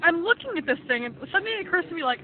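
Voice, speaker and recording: A woman's voice: very high-pitched, very fast. A young woman vlogging outdoors, chatting casually and saying "like" all the time as she tells stories. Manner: chatty, peppers speech with "like", animated storytelling. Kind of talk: casual chat. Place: outdoors at an airport, wind. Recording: lo-fi phone-like band, loud wind noise.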